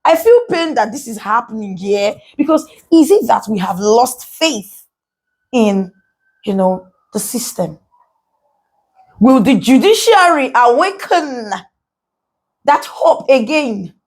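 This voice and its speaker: Animated Nigerian woman lawyer. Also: fairly high pitch. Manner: animated, rhetorical questions, repeats phrases for emphasis. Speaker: lawyer and political commentator. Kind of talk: casual commentary vlog to followers.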